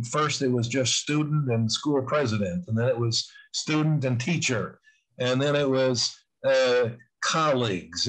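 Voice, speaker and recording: An older man in his sixties speaks as an interview guest in an ordinary middle-pitched voice. He talks earnestly and conversationally, circling back and restarting his sentences as he goes. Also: poor audio. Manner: earnest, rambling with frequent restarts.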